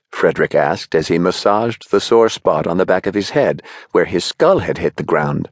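Expressive male audiobook narrator. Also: sits low, normal speed, hardly any pauses, dry recording, studio quality. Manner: expressive storyteller. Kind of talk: scripted narration.

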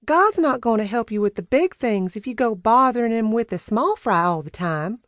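A woman voicing a fussy, sharp-tongued older housekeeper who scolds in a high, shrill voice. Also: animated, moderate pace, no room sound, clean studio sound. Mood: scolding.

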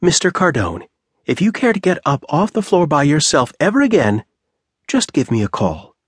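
A young woman stands her ground, polite and firm. A man performs her in a lifted, husky voice with dry, close sound. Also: on the high side, huge pitch swings, moderate pace, dry recording, pitched above the performer's own voice, exaggerated voice.

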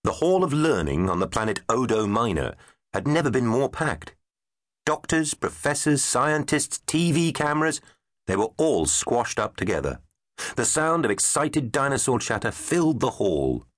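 A man's voice: medium pitch, big pitch swings, normal speed, no echo. A man narrating a children's storybook in a playful, emphatic way. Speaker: audiobook narrator. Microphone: studio microphone. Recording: dry close studio sound.

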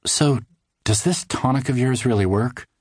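A man's voice: medium pitch, moderate pace, slight background noise, pitched above the performer's own voice, lightly acted. A man doing a tired young woman cartoonist. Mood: friendly.

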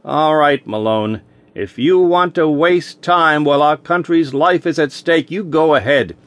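A man's voice: on the high side, unhurried, no echo, pitched above the performer's own voice, lightly acted. A man voicing a harried, snappish middle-aged FBI chief who talks in an urgent, flustered way in an audiobook. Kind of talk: audiobook character voice.

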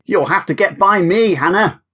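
A man voicing a kind, steady boy werewolf in a children's audiobook, calm and reassuring. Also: high voice, normal speed, slightly rough, voice pushed up, full character voice. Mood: teasing.

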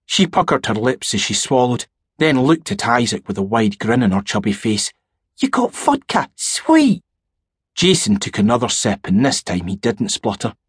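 Husky male audiobook narrator. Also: fairly low pitch, no room sound, clean studio sound. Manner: measured, storytelling. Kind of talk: scripted horror narration.

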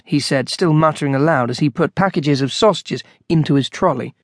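A man narrating an audiobook in a measured, wry storytelling manner on a close studio mic. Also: fairly high pitch, dry recording.

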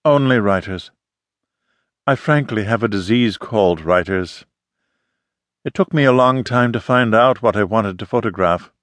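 A man's voice: lowish voice, measured pace, long pauses, a bit bright, no room sound. A man voicing an intense middle-aged woman photographer with a slight foreign accent and formal, emphatic phrasing, read in an audiobook. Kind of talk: audiobook character reading.

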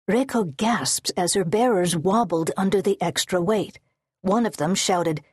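Husky low-voiced woman narrating. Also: no echo, clean studio sound. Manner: measured, steady storytelling. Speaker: audiobook narrator. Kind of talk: scripted narration. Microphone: close studio mic.

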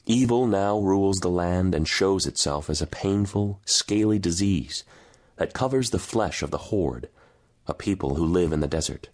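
Male audiobook narrator, deep register, steady grave storytelling. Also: normal speed. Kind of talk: scripted narration.

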